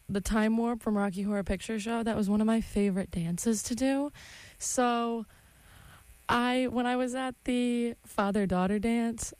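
A woman's voice: on the high side, no echo. Giggly young woman radio host. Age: young adult. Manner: giggly, chatty, laughs often. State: out of breath. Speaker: college radio show host. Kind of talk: casual chat.

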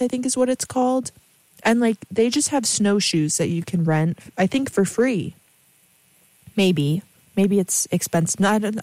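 A young woman talks casually between songs, wandering from thought to thought with plenty of fillers. Her voice sits a little low. It is recorded dry and close, with no room sound. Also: mellow, no echo. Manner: rambling, chatty, many fillers and asides. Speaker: radio host.

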